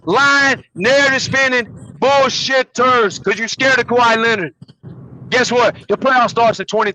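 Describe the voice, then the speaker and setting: High-pitched man ranting angrily. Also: pushed and bright, a little hiss or hum, poor audio. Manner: angry, profane, fast ranting. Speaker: podcast co-host. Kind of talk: heated podcast rant.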